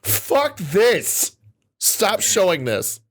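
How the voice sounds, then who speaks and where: A man's voice: sits high, sing-song, very slow. A man hosting a casual podcast, ranting heatedly and swearing freely. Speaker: podcast host.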